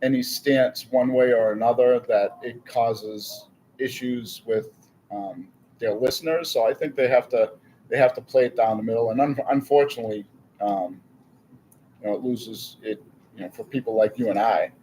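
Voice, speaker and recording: A man's voice: mid-range voice, normal speed, warm tone, a little hiss or hum, poor audio. A man answering questions in a casual podcast chat, easygoing and thoughtful. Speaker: podcast guest.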